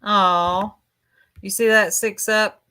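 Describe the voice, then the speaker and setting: A woman's voice: medium pitch, steady tone, takes it slowly, pushed and bright, smooth. A woman in casual livestream chat, gossiping in a chatty, catty, drawling way.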